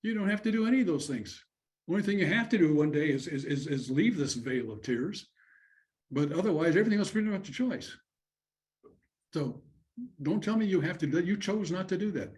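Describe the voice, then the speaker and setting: A man's voice: a little high, a little mellow. Conversational man lecturing on counseling. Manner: conversational, acts out student and counselor voices. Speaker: conference presenter. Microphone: video call.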